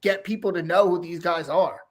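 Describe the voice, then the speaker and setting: A man's voice: sits high, fairly even intonation, moderate pace. A man co-hosting a sports podcast who talks casually, with constant fillers like "like.". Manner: filler-heavy, lots of "like". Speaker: podcast co-host.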